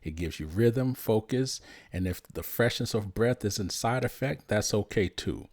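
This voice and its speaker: Deep-voiced man hosting a podcast. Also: darkish tone, no room sound, clean studio sound. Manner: friendly, halting with restarts. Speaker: podcast host. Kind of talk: podcast interview.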